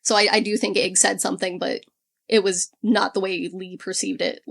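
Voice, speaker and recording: A woman's voice: medium pitch, little pitch movement, normal speed, vocal fry, a bit bright. A woman in a casual podcast book club chat, animatedly retelling a plot with quoted lines and frequent swearing.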